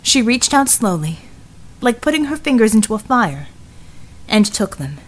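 A woman narrating an audiobook in a measured, scripted style. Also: a little high, sing-song.

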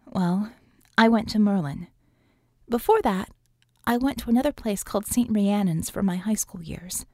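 A woman's voice: medium pitch, moderate pace, mellow, no room sound, studio quality, close to an everyday voice. A woman reading an audiobook, voicing a frank, tough young woman mage who talks in a chatty, offhand way.

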